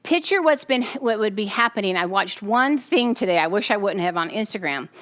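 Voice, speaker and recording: A woman preaching a sermon, animated and often checking in with her listeners. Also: mid-range voice, fairly quick. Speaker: teacher.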